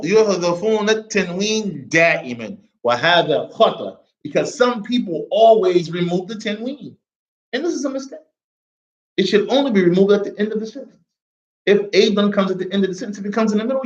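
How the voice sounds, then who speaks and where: A man with an American accent teaching an Arabic lesson to a small class, lively and often checking that everyone follows. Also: sits high, dull audio. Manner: lively, mixes English with Arabic reading, checks understanding often.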